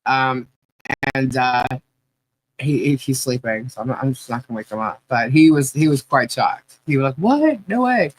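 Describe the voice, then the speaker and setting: A woman hosting a live podcast stream and reading the chat, chatty and halting, laughing often. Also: very deep voice, fairly even intonation, rough recording.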